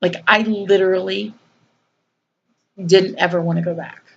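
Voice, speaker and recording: A woman's voice: fairly low pitch, steady tone, measured pace, gravelly, fairly bright tone, husky, highs cut off. A woman vlogger, earnestly telling a personal story in a conversational way with fillers and repeats.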